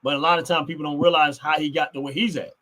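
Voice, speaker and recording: Man, casual podcast chat, rambling, bright voice. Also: fairly high pitch, steady tone, rapid-fire. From Philadelphia. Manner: rambling, fills with "you know what I mean". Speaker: podcast co-host.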